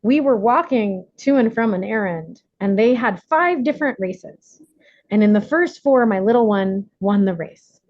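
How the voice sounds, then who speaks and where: A woman's voice: mid-range voice, lively intonation, measured pace, no room sound. A woman leading a recovery workshop over a video call, chatty, laughing often and using lots of fillers. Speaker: workshop leader. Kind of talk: casual recovery workshop talk. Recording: slightly muffled video call audio.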